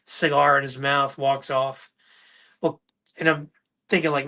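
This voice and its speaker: A man hosting a podcast, telling animated stories in a casual livestream chat and acting out the quotes. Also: mid-range voice, normal speed, pauses often. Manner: animated anecdotal storyteller, acts out quotes. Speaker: podcast host.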